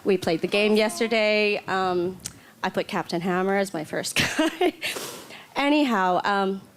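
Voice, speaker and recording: A woman's voice: mid-range voice, a little slow. A woman fan at a convention Q&A, gushing and giggling nervously as she asks her question. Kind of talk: audience Q&A question.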